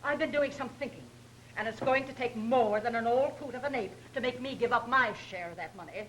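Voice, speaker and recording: An actress playing a sharp-tongued, greedy woman with a tart, scornful manner in a 1930s film. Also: a little high, a little fast, lightly acted, poor audio. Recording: old film soundtrack with faint hiss.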